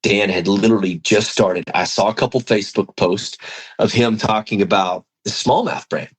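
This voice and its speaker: A man's voice: lowish voice, moderate pace, slightly rough, poor audio. A man, a fishing tackle executive, telling a story in a casual interview and acting out the dialogue. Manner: animated, acts out quoted dialogue.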